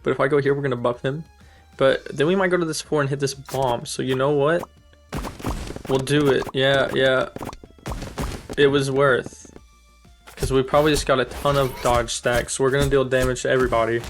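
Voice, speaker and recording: A man's voice: medium pitch, fairly even intonation, normal speed, pauses often, over music. A young man giving casual, upbeat commentary while playing a video game, thinking aloud and amused by his own plays. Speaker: gaming streamer. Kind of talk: casual let's-play commentary.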